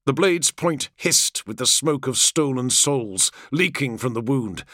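A man reading scripted audiobook narration in a measured, dramatic storytelling manner. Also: mid-range voice, expressive, fairly bright tone, dry recording, clean studio sound.

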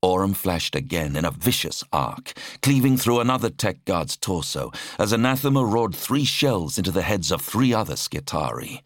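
A man narrates an audiobook in a very low voice. His delivery swings widely in pitch for drama. The recording is dry and close, with no room sound. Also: moderate pace, few pauses, dry recording. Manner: dramatic, expressive reading.

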